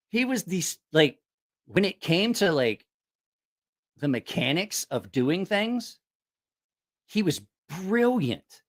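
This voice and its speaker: Hosting a livestream, a man a little tipsy after a few drinks tells rambling, profane stories, laughing as he goes. His voice is fairly high, his pace measured, and he leaves long pauses.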